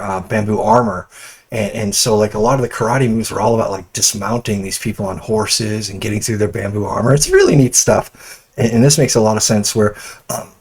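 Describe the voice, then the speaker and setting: Man, american, lowish voice, rambling casual reaction talk, opinionated, lots of fillers. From United States. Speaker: reaction video host.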